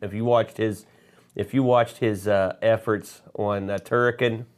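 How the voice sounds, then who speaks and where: A man's voice: fairly low pitch, steady tone, measured pace. A man co-hosting a podcast while sick with a cold, bantering and joking with his partner. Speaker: podcast co-host. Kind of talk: casual chat.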